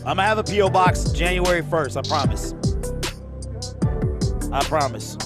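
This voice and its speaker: A man's voice: on the high side, moderate pace. A man hosting a live-stream watch party, chatting casually and joking with viewers by name. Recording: loud hip hop music playing over voice.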